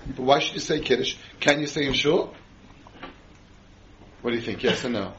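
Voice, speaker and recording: A man's voice: medium pitch, moderate pace, fairly bright tone, dull audio, a little hiss or hum. A man teaching a Torah class to a group, often quizzing his listeners with questions and answering them himself. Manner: quizzes the audience with frequent questions.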